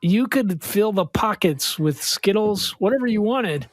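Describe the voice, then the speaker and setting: Higher-voiced middle-aged man, rambling storyteller. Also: animated, unhurried, dry recording, studio quality. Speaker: podcast co-host and touring musician. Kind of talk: casual chat. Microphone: remote recording over an online call.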